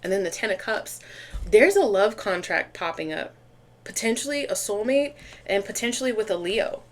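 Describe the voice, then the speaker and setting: A woman doing a casual tarot reading to camera, talking chattily and excitedly, with lots of restarts and fillers. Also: on the high side, slight background noise. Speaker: tarot reader.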